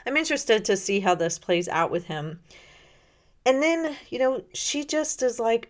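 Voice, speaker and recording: A woman's voice: a little high, lively intonation, unhurried. A woman hosting a devotional podcast, reading a spiritual diary aloud and then reflecting on it in an earnest, thoughtful way, wondering aloud. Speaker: podcast host.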